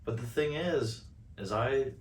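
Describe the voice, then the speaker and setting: A man's voice: mid-range voice, measured pace, roomy sound, distant mic. A man from Southern Indiana co-hosting a podcast in casual chat, joking and a little defensive. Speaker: podcast co-host.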